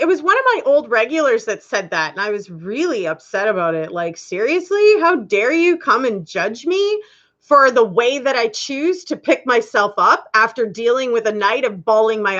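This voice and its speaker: A woman's voice: a little high, fairly bright tone, highs cut off. A woman hosting a casual live stream, chatting candidly with viewers and laughing often.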